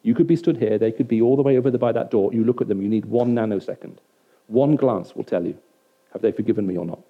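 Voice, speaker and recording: Speaking quickly in a fairly low voice, a preacher addresses a live audience of roughly a hundred in a hall, keeping it conversational and repeatedly checking that it makes sense to them. The lo-fi recording sounds dull.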